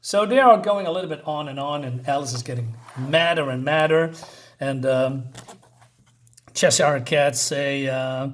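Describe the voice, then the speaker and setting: A man giving a casual comic book review, retelling the story in a halting way with many fillers. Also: on the high side.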